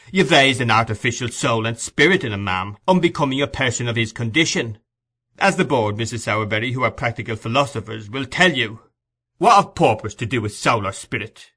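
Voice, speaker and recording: A pompous, bullying parish official lecturing with heavy, stern emphasis, as a male reader puts him on. The voice is loud, bright and self-important, a little raised above the reader's own. A storybook figure read aloud. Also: mid-range voice, expressive, a little fast. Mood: stern lecture.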